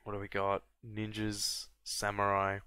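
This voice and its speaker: A man from Australia, casually commentating a strategy game and often breaking into high excited yelps and laughs. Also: a little slow, clear, resonant tone, no echo. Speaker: gameplay commentator. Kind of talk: casual let's-play commentary.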